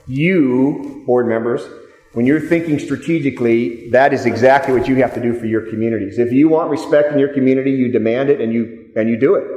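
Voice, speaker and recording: A man's voice: medium pitch, mellow. A man giving a direct, storytelling seminar talk to a live audience in a meeting room, repeating key points for emphasis. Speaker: seminar speaker. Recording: echoey hall, speaker off-mic at times.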